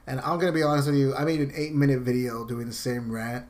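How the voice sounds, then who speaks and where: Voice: medium pitch, little pitch movement, fast. Exasperated vlogger ranting. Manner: profane and exasperated, swinging between loud outbursts and muttered asides, heavy sighs. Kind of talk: ranting vlog.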